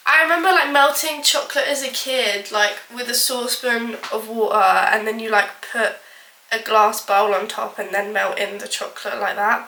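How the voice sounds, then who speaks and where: Bright chatty woman, echoey kitchen. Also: on the high side. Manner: chatty, rambling, self-deprecating, full of "like". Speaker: baking vlogger. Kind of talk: casual chat to camera. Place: home kitchen.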